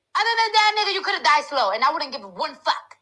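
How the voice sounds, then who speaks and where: A woman in her thirties, a celebrity ranting online, films a heated, profane, repetitive, unscripted rant on her phone for a live video. Her high, bright voice is very animated, forceful, and quick, and the audio is poor.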